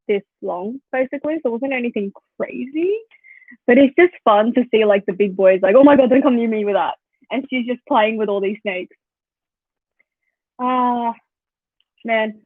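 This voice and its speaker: Her voice sits on the high side with no echo: a young Australian woman in her twenties vlogging casually. She's chatty and animated as she tells stories to viewers, full of "like" fillers, over tinny, dry, phone-like sound.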